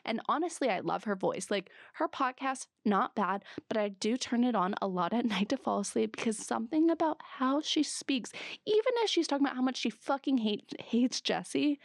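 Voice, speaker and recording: A young woman with a Southern California Valley accent hosts a solo podcast recap, talking in a chatty, animated way. She swears freely and jumps between asides, and her fairly high voice drags into gravelly vocal fry. The sound is dry and close, with no room around it. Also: moderate pace, dry recording. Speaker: podcast host.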